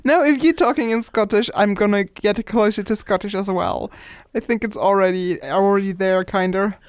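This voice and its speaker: A woman's voice: mid-range voice, normal speed, no echo, studio quality. A tipsy woman co-hosting a podcast, laughing often and losing her thread in casual chat. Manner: laughing, scattered, trails off. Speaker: podcast co-host.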